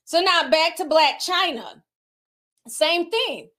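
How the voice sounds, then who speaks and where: A woman's voice: very high-pitched, lively intonation, slow, fairly bright tone. A woman commentator in casual chat, talking bluntly and with animation, swearing freely.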